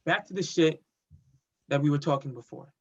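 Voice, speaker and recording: A man's voice: on the high side, normal speed, husky. A man reading a blunt young cop. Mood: firm. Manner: blunt, argumentative. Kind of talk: amateur play reading over video call. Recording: dull lo-fi video call audio.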